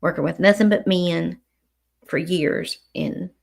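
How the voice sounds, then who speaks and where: A middle-aged woman talking slowly and unhurriedly to her livestream viewers. Her voice is heavily gravelly with vocal fry. She speaks frankly, cusses freely and stumbles over restarts. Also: fairly low pitch. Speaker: livestream host. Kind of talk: casual livestream chat with viewers.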